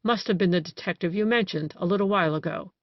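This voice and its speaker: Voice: mid-range voice, quick pace, no echo, lightly acted. Reader voicing a boastful male detective-killer. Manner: boastful, relishing his tale. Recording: dry, dull lo-fi recording.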